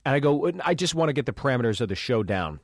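A man's voice: medium pitch, animated, fast talker, dry recording, clean studio sound. A man, a comedian co-hosting a podcast, telling a road story in casual chat and acting out the dialogue with plenty of swearing.

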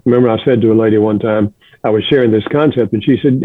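An older man shares a heartfelt story in a gentle, earnest manner. His voice comes through a narrow, phone-like line, dry and close. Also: lowish voice, quick pace, no echo. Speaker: guest, author and counselor. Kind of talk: reflective storytelling.

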